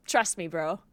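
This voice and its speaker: In a dry recording, a fairly low-pitched young woman from South Tyrol talks casually during a gaming live stream. A German-dialect speaker from birth, she's chatty, swears, laughs often and fills her speech with "like."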